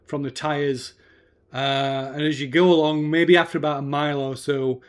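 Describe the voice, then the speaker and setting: A man narrating a tabletop horror game as game master, halting with restarts and fillers. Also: fairly high pitch, fairly even intonation.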